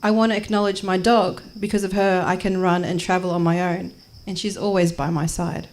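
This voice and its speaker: A woman's voice: fairly low pitch, level tone, brisk, darkish tone. A woman in her twenties with an Australian accent doing brash, jokey stand-up comedy and spoken word, live in a small venue. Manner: brash, jokey, acts out the people she quotes. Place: small performance space.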